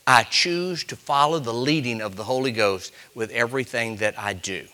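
A man preaching a sermon, telling stories to the congregation with quick asides and rising to loud, emphatic peaks. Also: medium pitch.

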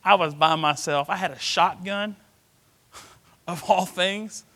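A middle-aged man, preaching a sermon through a personal story, swinging from hushed to loud. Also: high-pitched, takes it slowly, long reverb tail.

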